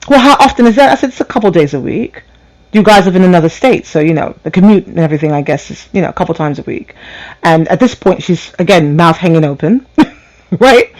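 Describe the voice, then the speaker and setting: A woman hosts a late-night call-in radio show and tells a personal story. She is candid and profane, and she laughs often. Her pitch rises and falls in a lively way. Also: poor audio.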